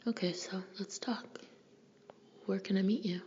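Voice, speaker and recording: A woman narrator voicing a married man on a secret phone call, in a whispered role-play, placating and hurried. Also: sits high, fairly even intonation, a little mellow, a little hiss or hum. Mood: guarded.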